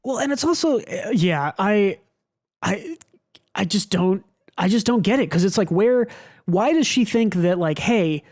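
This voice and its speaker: A man's voice: high voice, measured pace. Male podcaster, casual rambling discussion, restarts and fillers. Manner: rambling, animated, many restarts. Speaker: podcast co-host.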